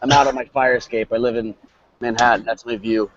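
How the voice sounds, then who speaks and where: A man's voice: medium pitch, little pitch movement, brisk, highs cut off, slight background noise. Offhand man calling in from outdoors. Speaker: guest. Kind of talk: casual chat. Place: outdoors on a city fire escape.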